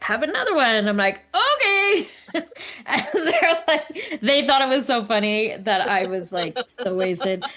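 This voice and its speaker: A woman co-hosting a podcast, telling stories in casual chat and laughing often, with a light English accent. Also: medium pitch. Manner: laughs often, animated storytelling. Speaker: podcast co-host.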